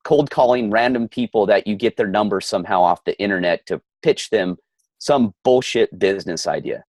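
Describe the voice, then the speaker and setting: Heated and casual, a middle-aged man rants as a podcast co-host, stammering and restarting often. His voice is on the low side and darkish in tone, moving at a moderate pace with no room sound.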